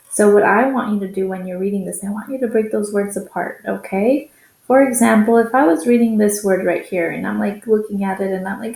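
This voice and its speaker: A woman's voice: mid-range voice, steady tone, moderate pace, vocal fry, a little mellow, roomy sound, rough recording. A woman teacher recording a reading lesson for young children, patiently sounding out words.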